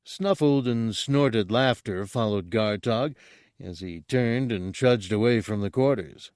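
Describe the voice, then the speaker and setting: A man narrating an audiobook in a steady, unhurried storytelling manner. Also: fairly low pitch, dry recording, clean studio sound.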